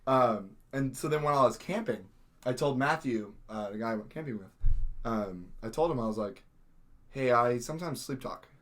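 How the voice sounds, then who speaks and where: A young adult man telling a story in casual podcast chat, acting out quotes with sudden shouts. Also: medium pitch, lively intonation, moderate pace. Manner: many fillers and restarts, laughing. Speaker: podcast host.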